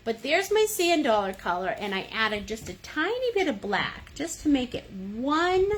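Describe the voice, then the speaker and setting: An American woman with a slightly high, sing-song voice leads a livestream painting lesson at a slightly slow pace. She's chatty and playful, cheering viewers on and humming little sound effects as she paints, while a fan runs in the background and adds a little hiss or hum.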